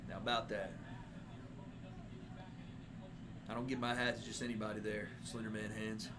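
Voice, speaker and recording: A man voicing a swaggering, flirtatious cowboy in a low put-on drawl, joking around on a livestream. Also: level tone, fast talker, background noise, lightly acted. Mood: courtly. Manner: courtly, boastful, teasing.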